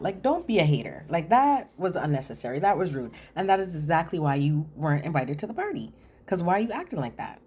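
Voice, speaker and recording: A woman's voice: low-pitched, sing-song, quick pace, a little mellow, husky. A woman hosting a chatty, sassy recap of a reality TV episode, talking straight to her viewers. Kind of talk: casual episode recap commentary.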